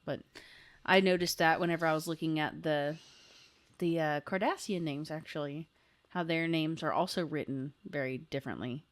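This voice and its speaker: A woman's voice: sits low, steady tone, normal speed. A woman in her thirties co-hosting a podcast in casual chat, rambling with lots of filler words and eager asides. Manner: rambling, full of "like" fillers, enthusiastic. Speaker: podcast co-host.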